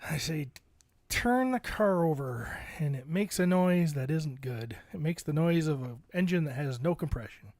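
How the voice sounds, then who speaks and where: A man's voice: a little high, normal speed, hardly any pauses, dry recording, clean studio sound. A man in his forties, a podcast co-host, telling a long story to friends and acting out the voices he quotes. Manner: animated storyteller, acts out quoted voices, laughs often. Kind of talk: casual storytelling among friends.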